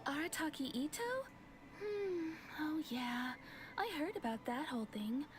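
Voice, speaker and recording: A woman voices a gentle, soft-spoken young townswoman who tells stories patiently. The voice is soft, slightly squeaky, and close to a whisper, expressive, at a measured pace.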